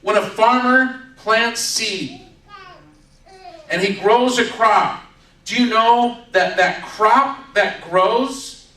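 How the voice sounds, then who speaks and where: A man with a high, bright voice preaches a sermon, acting out the story's lines as he tells them. He sounds set back from the mic. His voice rings through a reverberant church sanctuary. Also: drawn-out words, far from the mic. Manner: storytelling with acted-out quotes. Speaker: pastor. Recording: echoey room from off-mic.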